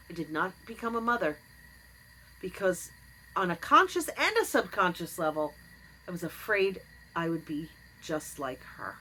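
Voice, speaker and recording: Candid woman in her fifties, low voice. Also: bright, forceful tone, slight background noise, poor audio. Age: 50s. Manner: candid, earnest, wry asides. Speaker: vlogger. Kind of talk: personal confessional vlog.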